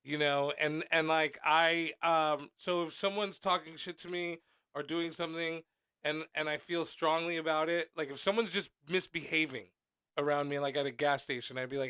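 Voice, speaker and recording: A man's voice: fairly high pitch, steady tone, moderate pace, bright, forceful tone, clear, resonant tone, dry recording. A man hosting a podcast, telling personal stories candidly and swearing freely as he acts out what people said. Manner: candid storytelling, swearing freely, acting out quotes. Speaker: podcast host. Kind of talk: casual podcast conversation.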